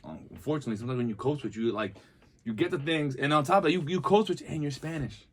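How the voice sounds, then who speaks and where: A man's voice: on the high side, fast talker, slightly rough. A young man from New York City, co-hosting a podcast in casual chat, telling stories and acting out what people said. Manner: animated storyteller acting out quoted people. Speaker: podcast co-host.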